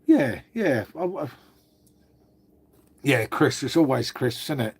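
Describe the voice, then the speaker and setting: A man's voice: mid-range voice, animated, takes it slowly, a little mellow, breathy edge, dry recording. Chatty middle-aged English man, dry sound. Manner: chatty, matey, says "mate" a lot. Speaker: livestream host. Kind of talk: casual live chat reading viewer comments.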